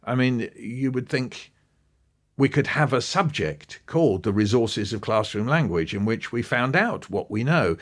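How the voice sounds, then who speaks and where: A man being interviewed about education, talking in a relaxed, conversational way. He tells lively anecdotes, thinks aloud with restarts and asides, and briefly acts out the voices of the people he quotes. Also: mid-range voice, unhurried. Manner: animated storytelling, acting out quoted voices. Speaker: guest speaking on education.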